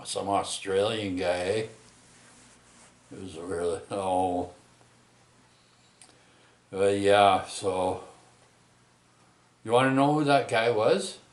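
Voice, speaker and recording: A middle-aged man tells a rambling story in a low voice, stopping and restarting his sentences and tacking "eh?" onto them. The voice carries a roomy echo. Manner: rambling, halting, many restarts and tag questions. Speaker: vlogger telling a personal story.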